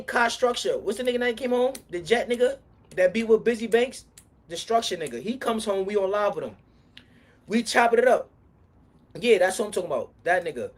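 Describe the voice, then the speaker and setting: Husky New man rambling on a livestream. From Harlem, New York. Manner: rambling, slang-heavy, swings between low mutter and loud heated outbursts. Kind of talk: casual livestream storytelling.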